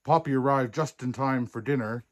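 An older man playing Santa, reading a children's storybook aloud in an unhurried, chuckling way. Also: medium pitch.

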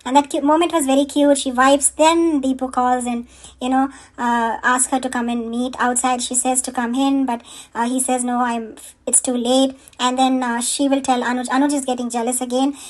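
A woman's voice: high-pitched, little pitch movement, normal speed. A woman giving a chatty, filler-heavy recap of a TV serial episode and scolding its characters and makers. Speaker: community contributor recapping a TV serial. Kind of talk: casual spoken episode recap.

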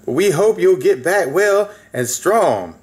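A man voicing a gentle, fond young girl rabbit in a storybook. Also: sits high, lively intonation, unhurried, pitched above the performer's own voice.

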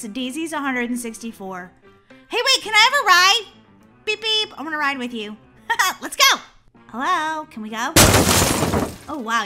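A woman hosting a gaming channel, giving excitable let's-play commentary, giggling and shrieking when chased. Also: a little high.

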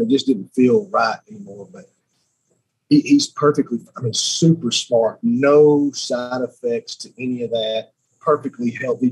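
A man's voice: medium pitch, a little mellow, slightly rough, poor audio. A man in his thirties from Alabama, a podcast guest telling a personal story in an earnest way, often restarting and repeating himself. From Alabama, United States. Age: 30s.

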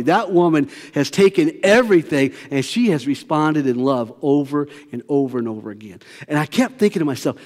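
A male pastor with a high voice preaching in a loose, storytelling way, stressing his points and talking straight to the congregation. Long reverb hangs in the sanctuary behind him. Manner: conversational, storytelling, emphatic. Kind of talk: sermon. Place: church sanctuary.

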